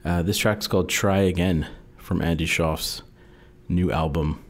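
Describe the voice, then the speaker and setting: A man with a very low voice hosts a night-time radio music show. He talks loosely and rambles from the station studio, often pausing on "uh" between thoughts. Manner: relaxed, rambling, frequent "uh" fillers.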